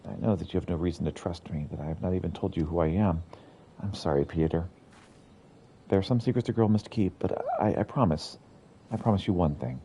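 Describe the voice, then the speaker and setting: A man voicing a mysterious, earnest young woman from a game, speaking softly and pleadingly. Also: deep voice, fairly quick, slight background noise. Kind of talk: reading game dialogue aloud.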